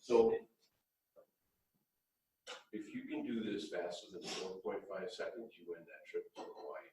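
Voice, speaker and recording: Low-pitched male presenter, folksy, joking, heard from far off in an echoing hall. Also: animated, unhurried, warm tone, slight background noise. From Wisconsin-Minnesota border. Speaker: safety presenter. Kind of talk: workshop presentation. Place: large room with an audience.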